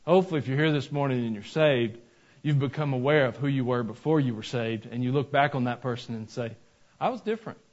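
A man's voice: medium pitch, quick pace, a little mellow. A man preaching a sermon in a church, talking conversationally and adding joking asides. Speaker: pastor. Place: church sanctuary. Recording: dull lo-fi recording.

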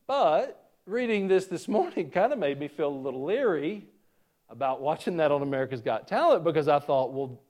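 A man's voice: on the high side, sing-song, normal speed, darkish tone. A male pastor preaching a conversational sermon, asking the congregation questions and adding joking asides.

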